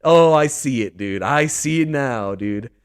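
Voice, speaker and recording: A man putting on a sarcastic, drawn-out voice of someone who suddenly sees the truth. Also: mid-range voice, lively intonation, clear, resonant tone, no echo, studio quality, lightly acted. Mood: smug.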